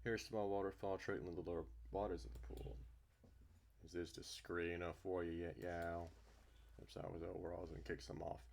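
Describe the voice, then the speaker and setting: Young man, lowish voice, game commentary, exasperated, swears a lot. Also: level tone, a little fast, gravelly, a little mellow, slight background noise. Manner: profane, exasperated ranting. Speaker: game streamer voicing a visual novel. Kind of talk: let's play reading and commentary.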